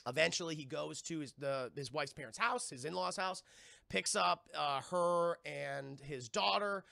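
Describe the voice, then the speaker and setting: A man's voice: on the high side, gravelly, pushed and bright, no room sound. A man streaming a casual, profane recap of a TV episode, talking to his chat and acting out the characters' lines. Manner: profane, rambling, keeps addressing chat; acts out quoted lines in quick voices.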